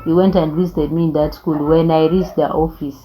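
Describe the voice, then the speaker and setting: A woman's voice: low-pitched, level tone, a little fast, warm tone, a little hiss or hum, rough recording. A young woman, telling her life story in an earnest, reflective way. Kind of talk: personal storytelling.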